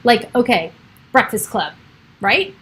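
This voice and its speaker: Middle-aged woman, rather high voice, rambling chatty livestream host at home with light background hiss. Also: animated, slow pace, fairly bright tone, low-quality recording. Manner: chatty, rambling, laughs often. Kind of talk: casual chat on a livestream. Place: home with children and pets around.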